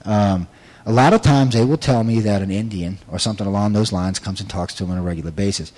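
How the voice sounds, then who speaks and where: Rambling, emphatic man with a low voice. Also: fast talker, darkish tone, rough recording. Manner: rambling, emphatic, frequent restarts. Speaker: abduction researcher and regression investigator. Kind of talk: casual talk to an audience.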